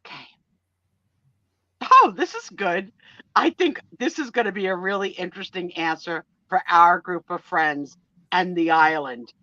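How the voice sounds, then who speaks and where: A woman in her sixties hosting a casual live-stream chat, talkative and quick to laugh. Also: on the low side, dry recording, dull audio. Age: 60s. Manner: chatty and animated, laughs easily. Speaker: host.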